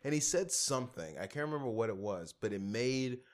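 Lively man retelling a story. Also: mid-range voice. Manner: animated storytelling, swearing, quick restarts. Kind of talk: casual chat.

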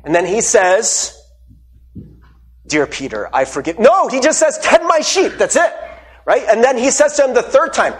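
A male pastor giving a sermon, telling stories with animated delivery and acting out the lines he quotes. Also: normal speed, slightly rough. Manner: animated storytelling, acts out quotes with shifting pitch.

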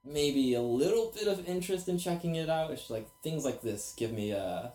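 A man co-hosting a casual podcast, talking in a relaxed, rambling way. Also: a little high, normal speed. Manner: relaxed, rambling with many likes. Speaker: podcast co-host. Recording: roomy echo.

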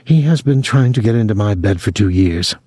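A man voicing a sullen, blunt foreign woman who works as a house servant, speaking flatly. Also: fairly low pitch, brisk, breathy edge, no room sound, studio quality. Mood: calm, flat.

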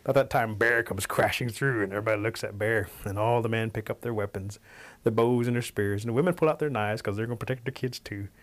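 A man telling a traditional folk tale, animated, shifting pace and pitch for effect. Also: quick pace. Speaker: storyteller. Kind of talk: oral folk storytelling.

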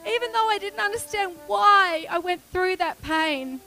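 A middle-aged woman pastor giving a heartfelt, tearful testimony and prayer in a church service, speaking softly with emotional swells. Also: extremely high pitch, measured pace, faint music behind. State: crying a little.

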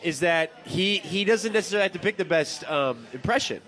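A man's voice: high voice, lively intonation, a little fast, fairly bright tone. A man guesting on a podcast, eager and full of "like" in casual chat. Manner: enthusiastic, filler-heavy.

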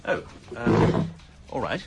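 Blustering, bumbling police inspector. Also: male voice, mid-range voice, huge pitch swings, takes it slowly, creaky, very noisy, full character voice. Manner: blustering, stammering, hearty laughs. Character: pompous, bumbling middle-aged police inspector. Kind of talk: radio sitcom acting.

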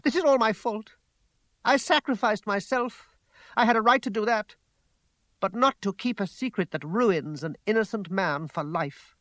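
A man's voice: lively intonation, moderate pace, hardly any pauses, dry recording. A man voicing a fierce, imperious young woman. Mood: distraught. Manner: higher, louder, emphatic delivery.

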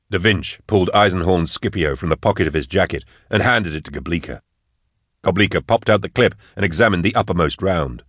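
Deep-voiced male audiobook narrator. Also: lively intonation, a little fast, no echo, studio quality. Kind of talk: scripted narration.

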